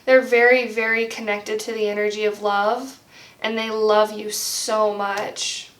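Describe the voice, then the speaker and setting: A young woman reading tarot cards in a gentle, heartfelt way, rambling with lots of "like". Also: mid-range voice, level tone, a little slow. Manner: rambling, heavy use of "like". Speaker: tarot card reader. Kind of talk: pick-a-card tarot reading. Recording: roomy, slightly distant from mic.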